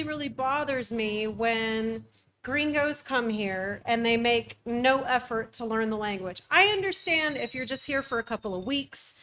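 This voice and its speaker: A woman's voice: a little high, bright, forceful tone, slight background noise. A young American woman co-hosting a casual travel podcast, opinionated and emphatic. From United States. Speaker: podcast co-host. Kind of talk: casual chat.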